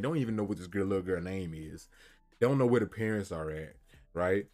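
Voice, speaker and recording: A man's voice: sits low, fairly quick, a little mellow. A man retelling a story in casual, heated commentary, repeating himself and often asking "you feel me".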